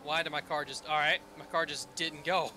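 A man with a very sharp, tense voice makes laid-back, mildly exasperated remarks over game voice chat. Faint noise sits under his voice, and it comes through slightly high. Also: level tone, moderate pace. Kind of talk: casual gaming chat.

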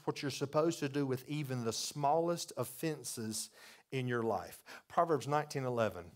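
A male pastor with a medium-pitched voice preaches a folksy, confessional sermon that builds up to loud, repeated emphasis.

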